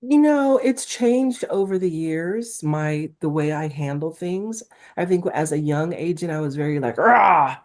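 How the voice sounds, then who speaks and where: A woman's voice: sits low, a little slow, mellow. A middle-aged woman from Newark, a talent agent, talking candidly in an interview with a Valley-girl-like, emphatic delivery. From Newark, New Jersey, USA.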